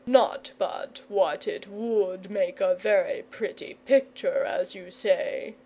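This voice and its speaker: Storybook dragon, genteel and fussy, male, slow unhurried talk, as a woman reads him. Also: mid-range voice, steady tone, dark tone. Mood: genial, fussy. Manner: polite, fussy and coy.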